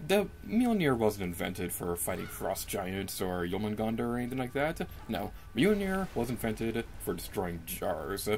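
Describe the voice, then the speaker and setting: Young man, low-ish voice, casual gameplay commentary, chatty, self-mocking, faint room noise. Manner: chatty and self-mocking, with quick pitch jumps when excited. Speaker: let's play commentator. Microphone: desk microphone.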